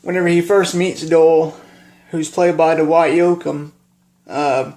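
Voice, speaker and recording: Man, somewhat high voice, casual vlog, halting delivery, many filler pauses, earnest. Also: level tone, a little mellow. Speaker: vlogger. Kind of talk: casual talk about a favorite film.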